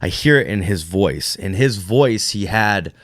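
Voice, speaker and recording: A man's voice: lowish voice, animated, unhurried, fairly bright tone, no room sound, studio quality. A man co-hosting a podcast in casual chat, laid-back and storytelling, chuckling between lines. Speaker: podcast co-host.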